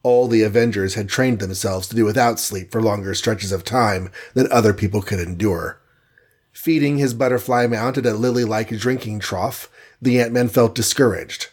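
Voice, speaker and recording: A man narrating an adventure storybook aloud in a steady, dramatic reading. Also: lowish voice, normal speed, husky.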